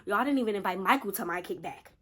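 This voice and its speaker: A woman's voice: medium pitch, quick pace, a bit bright, breathy edge. A woman in her twenties casually telling a storytime to her viewers, chatty and direct. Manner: chatty, addresses viewers as y'all. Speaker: vlogger.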